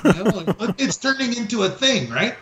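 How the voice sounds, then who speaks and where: A man's voice: high-pitched, big pitch swings, moderate pace, fairly bright tone, a little hiss or hum. A man co-hosting a podcast, telling a story in a profane, ranting way. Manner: profane, ranting storyteller who acts out quoted people. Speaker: podcast co-host. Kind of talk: casual chat. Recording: echoey, dull lo-fi room sound.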